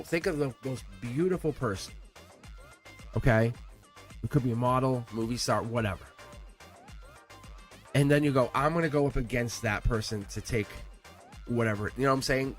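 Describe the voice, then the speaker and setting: A man giving a live tarot reading in a chatty, animated way, often laughing and dropping to a low murmur. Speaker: tarot reader.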